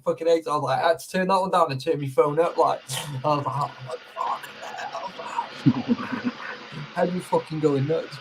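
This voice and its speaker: A man chatting casually on a livestream, reading out chat names, swearing a lot and laughing. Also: on the high side. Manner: swears a lot, laughs, calls everyone mate. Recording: clear background noise.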